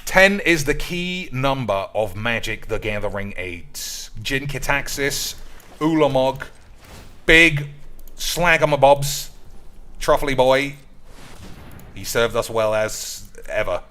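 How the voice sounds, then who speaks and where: Crude, excitable man. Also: mid-range voice, slow pace, slight background noise. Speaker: streamer. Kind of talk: card game stream commentary.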